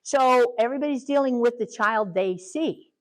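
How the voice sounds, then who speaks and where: A woman's voice: a little high, normal speed, poor audio. Chatty older woman teaching parents. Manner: chatty, laughs often, acts out quotes. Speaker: parenting trainer. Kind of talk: casual teaching talk.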